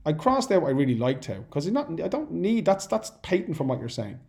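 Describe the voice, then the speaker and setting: A man's voice: a little high, very animated, a little fast, darkish tone. A man, a teacher, who reads sample exam answers aloud and breaks off to comment on them in a chatty, encouraging way. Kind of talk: exam-prep lesson.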